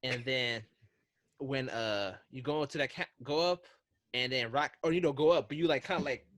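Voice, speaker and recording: A man co-hosting a casual podcast, telling excitable, rambling stories with frequent restarts. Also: mid-range voice, moderate pace, no room sound. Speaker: podcast co-host.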